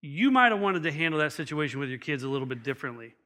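A middle-aged man delivers a sermon as pastor, his voice bright and sitting slightly high for a man. He tells stories with animation and slips into other people's voices when he quotes them. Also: big pitch swings, racing.

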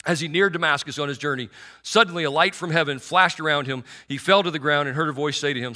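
A man's voice: fairly high pitch, quick pace, pushed and bright. A middle-aged man preaching a sermon in a conversational, sarcastic way, with many restarts and fillers.

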